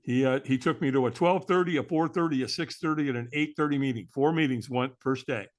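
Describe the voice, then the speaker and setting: A man's voice: mid-range voice, quick pace. A man telling a personal story as an interview guest, in a candid, earnest way, often adding "man".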